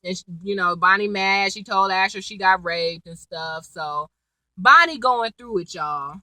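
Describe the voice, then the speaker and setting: A woman with a mid-range voice speaks unhurriedly on a low-quality, echo-free recording. As a TV recap vlogger, she chats casually through an episode, acting out lines with quoted dialogue and laughs in an animated retelling.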